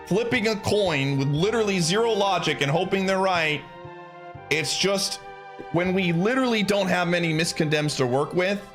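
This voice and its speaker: A man's voice: on the high side, a bit bright. A man streaming live, ranting to his chat in a frustrated, emphatic, insistent way.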